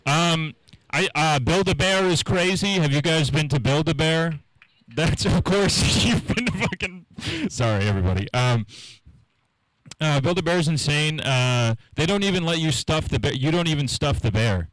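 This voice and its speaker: A man's voice: fairly high pitch, lively intonation, normal speed, a bit bright, no echo, rough recording. Loose conversational man doing stand-up. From Norfolk, Virginia. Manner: loose, conversational, trailing fillers. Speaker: stand-up comedian. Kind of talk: stand-up set. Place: small live comedy room. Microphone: handheld stage mic.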